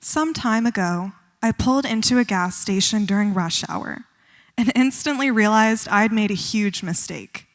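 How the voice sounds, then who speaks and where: A young woman student reading her poem on stage in a measured, calm way. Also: fairly high pitch, in a large hall. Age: young adult. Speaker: student poet. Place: concert hall stage.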